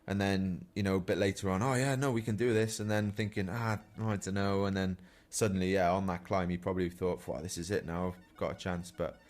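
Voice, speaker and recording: A man with a fairly low voice chats casually on a podcast, telling stories from professional cycle racing. He speaks in a relaxed, anecdotal way and often chuckles at his own tales. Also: a little fast, few pauses. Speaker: professional cyclist, podcast regular.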